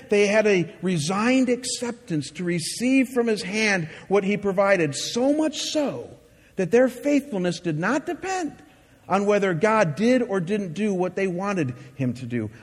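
A man's voice: sits high, sing-song, a little slow, breathy edge, big-room sound. A man preaching a sermon as a pastor, earnest and emphatic, with many rhetorical questions.

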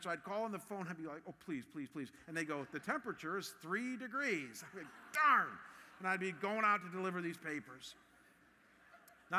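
Bright-voiced fifty-year-old man preaching. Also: a little high, long reverb tail. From Ohio, USA. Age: 50s. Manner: storytelling, animated and personal. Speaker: pastor. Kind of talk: sermon.

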